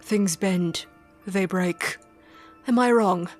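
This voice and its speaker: A woman's voice: medium pitch, slow pace, faint music behind, voice pushed down, close to an everyday voice. A woman voicing a mysterious, sinister male collector in a game with a put-on British accent, theatrical and cryptic. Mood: menacing.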